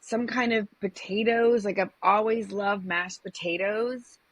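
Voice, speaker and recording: Upbeat woman guest, husky and dry. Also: mid-range voice, steady tone, unhurried, fairly bright tone, dry recording. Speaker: guest, comedian and presentation coach. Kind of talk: casual interview chat.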